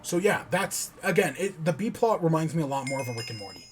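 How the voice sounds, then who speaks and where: A man's voice: on the high side, sing-song, fast talker, few pauses, a little hiss or hum. A man hosting a podcast in casual chat, rambling with restarts and casual swearing. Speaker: podcast host.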